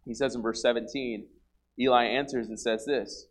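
A man's voice: medium pitch, fairly even intonation, normal speed, rough recording. A man preaching a sermon in an earnest, conversational way, restarting his sentences often.

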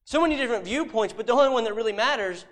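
High-voiced man preaching a sermon. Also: animated, very fast. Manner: emphatic, with repeated rhetorical questions and sudden drops to a hush.

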